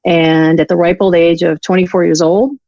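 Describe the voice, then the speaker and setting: A woman's voice: on the low side, level tone, normal speed, gravelly, warm tone, no room sound, muffled recording. A woman guest on an interview show, telling her story in a candid, self-deprecating way and often restarting her sentences. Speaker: guest, law enforcement resilience instructor.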